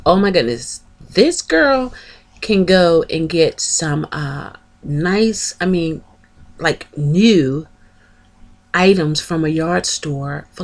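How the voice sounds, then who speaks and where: A woman vlogger talks in a low, deep-set voice, taking her time as she chats. She gushes warmly about other channels and stops to spell out names letter by letter. The tone stays casual and conversational throughout. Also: expressive, slow. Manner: chatty, gushing, spells out names. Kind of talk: casual chat, shouting out channels.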